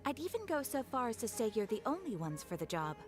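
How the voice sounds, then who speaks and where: Brief: a polite, formal game receptionist, high and lilting, over game music. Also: female voice, very animated, quick pace. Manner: formal, courteous. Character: polite adventurers' guild receptionist woman, calm and formal. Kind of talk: game voice acting.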